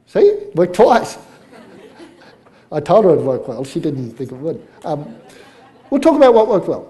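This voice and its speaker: A man's voice: fairly high pitch, huge pitch swings, unhurried, pauses often, warm tone. A man presenting a live workshop as a business coach, chatty and story-led. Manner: chatty, story-telling, with jokes.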